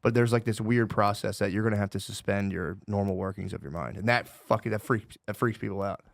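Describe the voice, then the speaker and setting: Fast-talking low-voiced man, rambling casually. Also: vocal fry, dry recording. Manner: rambling, swears a lot, says "dude" often. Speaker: comedian guest. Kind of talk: casual podcast chat.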